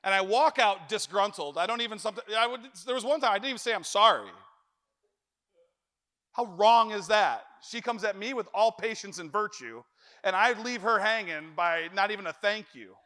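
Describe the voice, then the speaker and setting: A middle-aged man preaching a sermon in church, telling stories with jokes and lively animation. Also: sits high, brisk. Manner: animated, joking storyteller.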